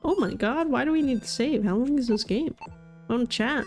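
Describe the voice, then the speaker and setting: A woman VTuber streams a game with faint music behind her, reading the on-screen text aloud and cracking sarcastic jokes at her own expense. Her voice is on the high side, brisk and a little mellow.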